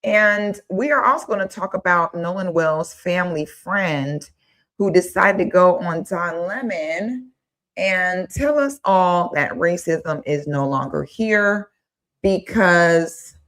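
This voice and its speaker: A woman's voice: on the low side, takes it slowly. Blunt outspoken woman livestream host. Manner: blunt and outspoken, thanks viewers warmly by name. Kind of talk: casual livestream talk.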